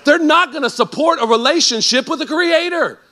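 A male pastor preaching a sermon in a conversational, animated way that builds to emphatic peaks. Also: very high-pitched, a little fast.

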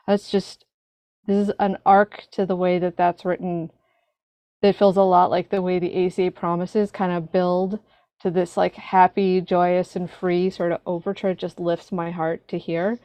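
A woman sharing personal feelings at a recovery meeting, earnest and halting as she searches for words. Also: fairly low pitch, level tone, mellow, no echo. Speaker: recovery group speaker.

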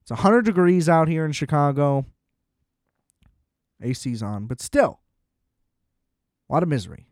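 A man's voice: on the high side, sing-song, measured pace, long pauses, darkish tone, no room sound, studio quality. Ranting, profane young podcast host man. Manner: profane, exasperated ranting with frequent "like". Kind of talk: casual solo podcast rant.

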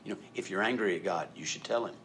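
Animated preaching man, faint rumble. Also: quick pace. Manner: animated, acts out quoted voices, rises to loud emphatic peaks. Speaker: pastor. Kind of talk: sermon.

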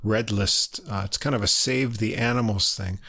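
A man's voice: on the low side, fairly even intonation, normal speed, pushed and bright. A man co-hosting a podcast in casual chat, reading out contact details with a dry, joking manner and frequent fillers. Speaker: podcast co-host.

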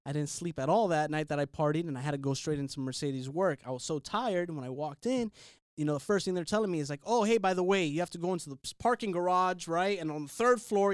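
A man's voice: sits high, expressive, brisk, clear, resonant tone, no echo, studio quality. A man telling a rambling, profane story, laughing and acting out the other people's voices. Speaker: guest storyteller. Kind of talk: casual storytelling.

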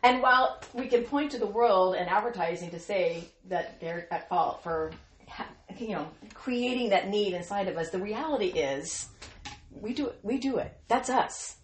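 A woman's voice: mid-range voice, animated, normal speed. Playful, earnest woman host in an echoey room. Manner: playful, acts out quoted voices; earnest and encouraging. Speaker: podcast host speaking to Christian women. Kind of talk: devotional podcast talk.

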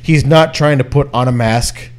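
Swearing, animated male podcast host. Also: mid-range voice, moderate pace. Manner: heavy swearing, animated, drops and raises his voice to demonstrate. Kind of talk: casual chat.

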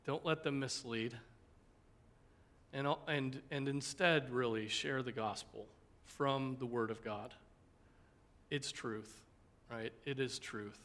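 Earnest male pastor teaching Sunday school, medium pitch, often asks the class "okay?". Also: fairly bright tone. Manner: ends in a spoken prayer. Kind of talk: Bible class sermon.

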